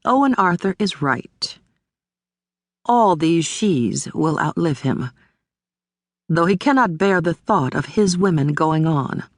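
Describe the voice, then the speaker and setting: A woman narrating a literary audiobook in a measured, deliberate way, recorded on a close studio mic. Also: on the low side, expressive, dry recording.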